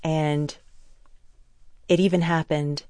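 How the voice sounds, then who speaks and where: A mid-pitched interview host asks questions in a measured, reflective way. The voice sounds close and dry. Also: level tone, a little mellow, clear, resonant tone, no room sound.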